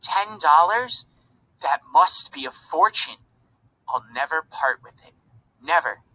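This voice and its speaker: A man's voice: a little high, animated, slow, sharp tone, husky, heavily acted, poor audio. A man reading aloud, voicing a brave but anxious fifteen-year-old Irish girl in a storybook. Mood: timid. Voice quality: earnest, protective.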